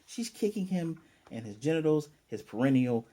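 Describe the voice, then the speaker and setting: With a fairly high pitch and moderate pace, a reviewer walks through an anime episode in a casual, animated way, voicing the characters' lines himself.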